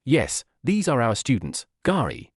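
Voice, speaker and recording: A man's voice: medium pitch, wildly swooping pitch, measured pace, slightly rough, no room sound, clean studio sound, heavily acted. A man reading as a weary woman ninja teacher. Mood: exasperated. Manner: exasperated.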